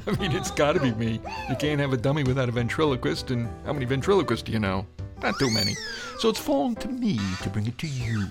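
A man's voice: medium pitch, wildly swooping pitch, fast, music in the background. A man hosting a comedy podcast as a ventriloquist, joking and punning as the straight man to his dummy.

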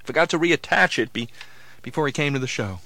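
A man's voice: mid-range voice, expressive, brisk, sharp tone, no room sound. A man hosting a comedy sketch, playful and mock-helpful as he teases his partner.

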